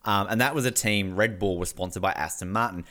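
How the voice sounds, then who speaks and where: A man's voice: on the low side, fairly quick, bright, forceful tone. A man co-hosting a podcast in casual chat, rambling and joking with crude asides. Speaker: podcast co-host.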